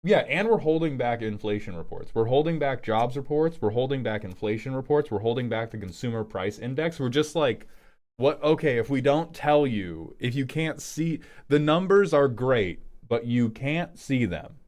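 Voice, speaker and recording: A man's voice: medium pitch, expressive, normal speed, a little mellow, lightly acted. A man putting on a boastful, smug older male politician with a pompous, repetitive manner. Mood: blustering.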